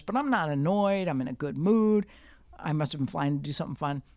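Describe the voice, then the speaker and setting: A woman comedian telling stories on a podcast, profane and animated, jumping to shouts when she acts out scenes, recorded in a studio. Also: deep voice, a little fast, dry recording. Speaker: guest comedian. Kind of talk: storytelling in a podcast conversation.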